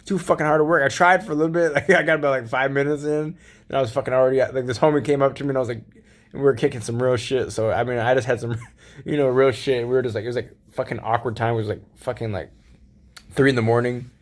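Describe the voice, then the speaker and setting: Speaking at a quick pace in a steady, medium-pitched voice, a man delivers a loose late-night monologue as a solo vlogger. He rambles, swears, and uses laid-back slang, frequently breaking into laughter mid-sentence.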